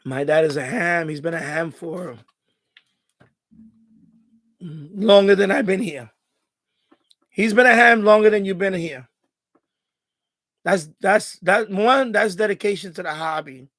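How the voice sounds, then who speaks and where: Speaking a little slowly and pausing often, a middle-aged man with a high, fairly bright voice hosts a casual live stream from home. There's no echo on the recording. He becomes emotional and choked up, wandering through his thoughts with frequent restarts.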